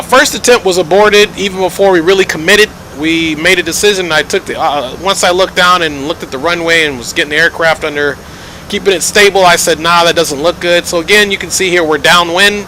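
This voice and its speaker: A man's voice: sits high, sharp tone, a little hiss or hum, rough recording. A man giving chatty live commentary while streaming a flight simulator, joking and thanking viewers as he goes.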